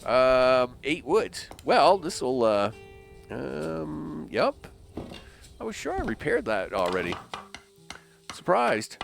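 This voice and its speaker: A man's voice: mid-range voice, big pitch swings, slow, creaky, pauses often, soft background music. A man giving casual let's play commentary, chatty and playful with frequent laughs. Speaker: gaming video creator.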